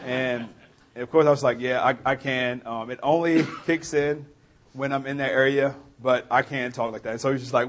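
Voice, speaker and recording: A pastor with a New Orleans accent delivers a sermon in a chatty, story-driven manner. His voice sits at an ordinary middle pitch for a man, neither deep nor high. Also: steady tone, normal speed. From New Orleans area, USA. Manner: conversational storytelling preacher.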